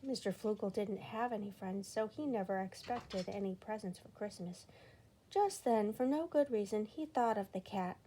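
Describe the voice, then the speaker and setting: A woman reading a children's storybook aloud with expressive storytelling emphasis. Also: mid-range voice, moderate pace, slight background noise. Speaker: storybook reader.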